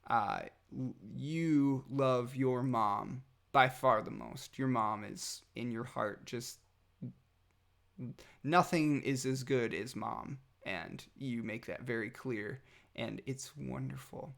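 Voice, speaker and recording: Gravelly and medium-pitched with a fairly bright tone, a father's voice carries a heartfelt message to his toddler son. It's tender and halting, full of pauses and fillers, sometimes nearly whispered.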